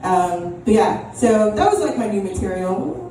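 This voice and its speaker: A woman's voice: mid-range voice, big pitch swings, a little slow. A young woman doing an open mic stand-up set, rambling and self-deprecating with lots of ums and restarts. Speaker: stand-up comedian. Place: small comedy club. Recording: echoey room, distant mic, audible room noise.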